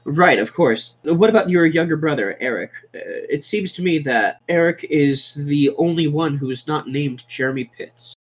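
A man's voice: on the high side, expressive, moderate pace, few pauses, husky. Polite, probing male player. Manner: polite, probing, laughs easily. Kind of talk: in-character questioning in a tabletop game.

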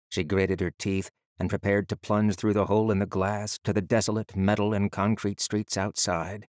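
Guy reading a fantasy audiobook, lowish voice, dry close sound. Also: no echo. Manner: steady, measured storytelling. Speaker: audiobook narrator. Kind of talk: scripted audiobook narration.

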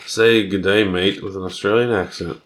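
A man co-hosting a podcast, teasing and firing off quick questions in casual chat. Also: deep voice, steady tone, a bit bright, slight background noise. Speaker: podcast co-host.

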